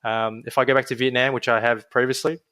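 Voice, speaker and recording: A young adult man with an Australian accent, a podiatrist guest talking in a casual, energetic interview with frequent restarts. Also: medium pitch, fast talker, clean tone, no room sound.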